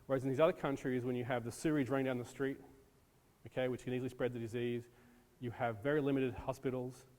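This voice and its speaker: A man's voice: mid-range voice, fairly even intonation, quick pace, a little mellow. A man giving a casual lecture on disaster preparedness to an audience, with many ums, from the United States. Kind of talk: classroom lecture. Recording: long reverb in a hall.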